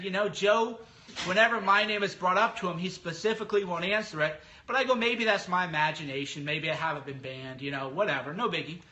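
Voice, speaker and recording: A man podcaster talking in a casual monologue, animated and sometimes mocking others with put-on voices. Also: high-pitched.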